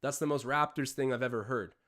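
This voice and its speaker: A young man from Canada talks through a basketball game on a live stream, jumping between quick play-by-play and loose, rambling asides. His voice sits in an ordinary middle register, relaxed and conversational. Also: medium pitch. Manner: rambling, chatty, jumps between play-by-play and tangents. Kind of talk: casual live watch-along commentary.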